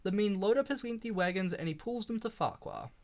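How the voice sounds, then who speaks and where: A man's voice: sits high, quick pace. A man reading a children's railway storybook aloud, giving the characters voices. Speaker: storybook reader.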